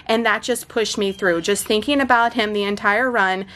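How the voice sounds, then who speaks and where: A woman's voice: medium pitch, fairly even intonation, moderate pace, fairly bright tone. A woman in her thirties chats at home as a fitness vlogger. She speaks straight to her followers in an effusive, emotional way, pouring out thanks and heartfelt news. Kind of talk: casual vlog chat.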